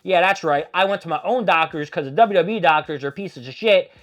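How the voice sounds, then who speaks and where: A man's voice: a little high, brisk, a bit bright, natural voice. Man putting on a cursing wrestler, brash, defiant, adult man. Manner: brash, profane. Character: angry adult male wrestler with a grudge.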